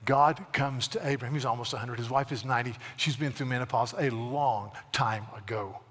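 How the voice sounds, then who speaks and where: A man's voice: mid-range voice, brisk, a bit bright. A man who is a Baptist pastor, preaching a sermon in a folksy, storytelling way that builds to emphatic preaching. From South Carolina, USA. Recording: long reverb of a large hall.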